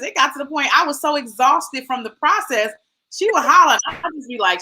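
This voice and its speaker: Woman, 40s, host, animated storytelling, bright, slightly high. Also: a little slow, long pauses, poor audio. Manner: animated storytelling, acts out quotes. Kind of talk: casual chat.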